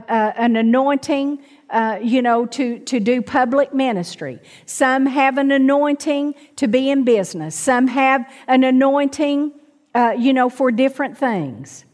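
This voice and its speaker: A woman's voice: high voice, expressive, a little slow, darkish tone, big-room sound. A middle-aged woman preaching a sermon to a congregation, calling out for amens and asking them to repeat after her. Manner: calls out to the congregation, asks for amens.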